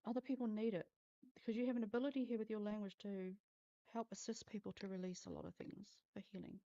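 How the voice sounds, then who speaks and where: Woman, intuitive reader on a livestream; frank, foul-mouthed, warm low tone, muffled sound. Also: fairly even intonation, quick pace. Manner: blunt, swears freely, talks straight to viewers. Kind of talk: live-streamed psychic reading.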